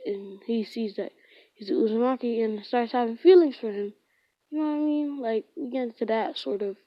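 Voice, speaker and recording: A woman with a fairly high voice casually retells a fan-fiction story at normal speed, rambling, full of filler words and constantly correcting herself. The recording is dull and lo-fi, with no echo.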